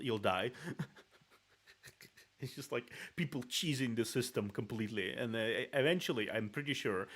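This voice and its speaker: A man's voice: lowish voice, a bit bright. A man with a Russian accent and rolled R's, a native Russian speaker, streaming as a VTuber in rambling casual talk with frequent laughs and restarts.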